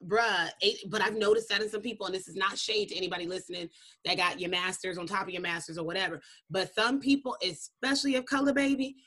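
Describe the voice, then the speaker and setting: A woman's voice: medium pitch, fast talker, fairly bright tone. Woman cohost on a podcast, frank and slangy, leans hard on her points. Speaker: podcast co-host. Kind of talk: casual chat.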